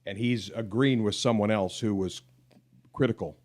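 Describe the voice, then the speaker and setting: A man's voice: lowish voice, moderate pace, darkish tone. A middle-aged man co-hosting a podcast, talking in an earnest, affectionate way and laughing easily. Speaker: podcast co-host. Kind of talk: casual podcast chat.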